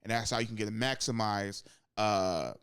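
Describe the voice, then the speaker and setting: Rambling, profane young man with a smooth voice. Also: moderate pace, fairly bright tone, no echo, clean studio sound. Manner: rambling, profane, acts out quotes with sudden high-pitched bursts. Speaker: podcast co-host. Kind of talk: casual sports chat.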